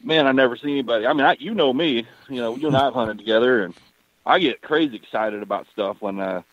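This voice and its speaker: Excitable guy rambling on a call, muffled dry phone sound. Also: medium pitch, quick pace, no echo. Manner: rambling, excitable with many fillers. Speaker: caller. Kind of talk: casual call-in chat.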